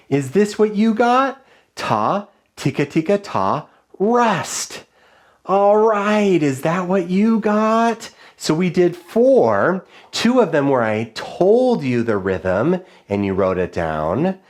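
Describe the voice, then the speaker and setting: A male music teacher leading children through rhythm dictation, chanting rhythm syllables in a high sing-song and giving clear, encouraging call-and-response instructions. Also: a little mellow. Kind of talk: online music lesson for children.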